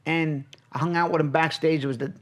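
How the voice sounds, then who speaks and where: A man in his fifties chatting casually, an animated storyteller who swears freely. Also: a little high, brisk. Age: 50s. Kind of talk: casual chat.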